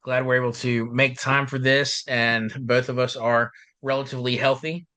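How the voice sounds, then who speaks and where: A male podcast host chatting casually, joking and filling with "uh", his voice a little deeper and rough after being ill. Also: little pitch movement, normal speed, sharp tone, dry recording. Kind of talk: casual chat.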